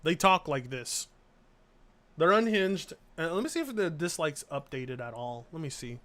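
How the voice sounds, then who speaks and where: Casting: male streamer with a high voice, sarcastic and incredulous. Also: animated, moderate pace, a bit bright, slight background noise. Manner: sarcastic, incredulous, laughing asides. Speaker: streamer reacting to videos. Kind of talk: casual live-stream reaction commentary.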